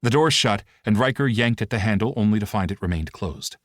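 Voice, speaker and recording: A man giving steady, expressive scripted audiobook narration. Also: lowish voice, fairly quick, no echo, clean studio sound.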